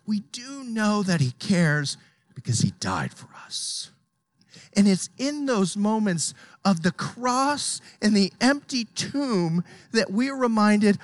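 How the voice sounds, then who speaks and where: A preacher giving an impassioned, emphatic sermon, swinging from hushed to loud. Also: medium pitch, sing-song, slow pace, no room sound.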